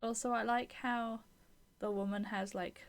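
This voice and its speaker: Young woman, streamer, casual chat, giggly, self-deprecating, gravelly. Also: mid-range voice, measured pace. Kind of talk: casual game-stream commentary.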